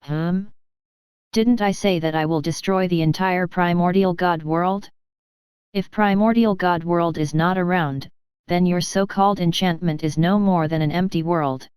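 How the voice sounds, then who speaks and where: A woman voicing an arrogant young male cultivator, calm and mocking, in a dry, clear recording. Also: on the low side, measured pace, no echo, close to an everyday voice.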